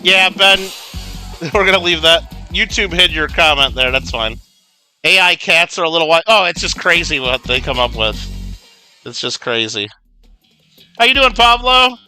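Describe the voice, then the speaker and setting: A man's voice: fairly high pitch, lively intonation, moderate pace, sharp tone, faint music behind. A man hosting a game livestream, chatting casually in a rambling way full of fillers while he plays. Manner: rambling, filler-heavy storytelling with lots of "like". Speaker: livestream gamer host.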